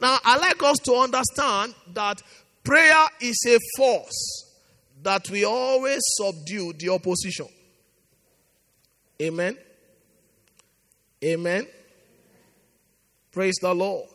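A pastor leading a fervent prayer meeting, urging and repeating his lines, swinging from soft pleading to shouting. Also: high-pitched, animated, slow, long pauses, big-room sound. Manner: impassioned, repetitive exhortation, swings from soft to shouting.

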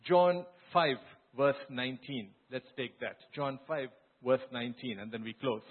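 A man's voice: medium pitch, measured pace, husky, narrow, tinny audio. A man preaching a sermon as pastor, retelling scripture in an earnest, emphatic storytelling way.

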